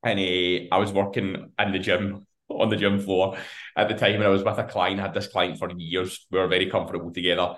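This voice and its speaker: A Scottish man with a low, fairly bright voice talks fairly quickly in a flat delivery. Co-hosting a podcast, he spins a long story in casual chat, swearing freely and laughing along the way.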